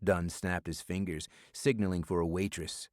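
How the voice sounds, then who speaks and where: A man narrating a thriller audiobook in a measured storytelling manner, from a studio booth. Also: low voice, fairly even intonation, no echo. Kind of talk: scripted narration.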